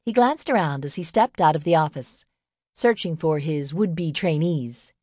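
Woman narrator, low voice, measured steady reading, dry close recording. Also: dry recording. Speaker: audiobook narrator. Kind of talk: scripted narration.

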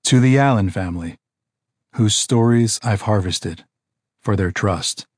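A man narrating a nonfiction audiobook in a measured, even reading style. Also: on the low side, no room sound, studio quality.

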